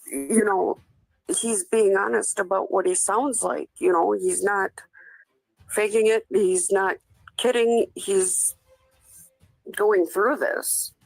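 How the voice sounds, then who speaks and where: A woman co-hosting commentary, explaining things in a measured way. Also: medium pitch, fairly even intonation, creaky, no room sound, faint music behind, low-quality recording. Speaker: commentary co-host. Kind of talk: casual commentary chat.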